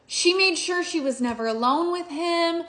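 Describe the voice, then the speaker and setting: A high-pitched young woman chats through a book review with a bright, ringing voice. She gushes emotionally and swears casually, like a friend recounting a novel she loved. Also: moderate pace.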